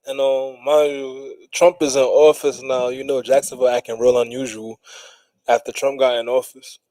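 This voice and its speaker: A man co-hosting a podcast, telling a story in a relaxed, wry way and laughing at his own tale. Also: medium pitch, moderate pace, no room sound, low-quality recording. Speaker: podcast co-host. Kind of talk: casual storytelling chat. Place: small studio room.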